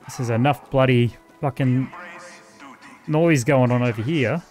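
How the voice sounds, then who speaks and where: With a mid-range, slightly mellow voice and a somewhat slow delivery, an Australian gaming host gives profane, casual let's-play commentary. He chats to the game characters as soft background music plays.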